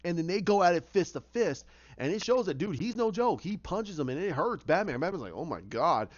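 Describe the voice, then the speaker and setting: A man excitedly telling a movie idea as a casual story, acting out scenes with sound effects. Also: high voice, fairly quick. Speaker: fan pitching a film idea. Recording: muffled lo-fi recording.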